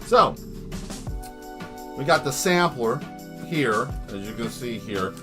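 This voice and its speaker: Showing his art on a live stream, this male artist talks casually and playfully, wandering off on tangents with flashes of excitement. He speaks slowly at a medium pitch, with music playing behind him.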